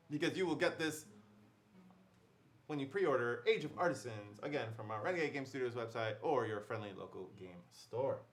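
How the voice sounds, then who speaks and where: A young man hosts a casual board game livestream, chatting in an upbeat, easygoing way with plenty of fillers. His voice sits at an ordinary middle pitch. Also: a little hiss or hum. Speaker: livestream host. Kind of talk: casual livestream unboxing chat.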